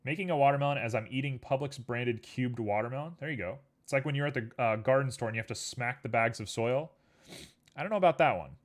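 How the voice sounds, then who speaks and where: A man streams live and chats casually with his viewers while he works, playful and joking, with rambling asides to chat. His voice is medium-pitched and fast.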